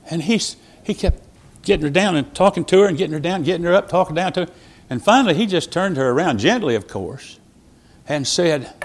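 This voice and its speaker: High-voiced and itinerant, this male preacher works through a sermon by way of stories, acting out the dialogue. He swings abruptly between loud surges and quiet dips.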